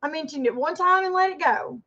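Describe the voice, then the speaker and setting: A woman in her fifties hosts a casual livestream in a high, pushed, bright voice that runs a little fast. She rambles in a defensive rant and keeps turning to welcome viewers in the chat, heard through dull lo-fi audio.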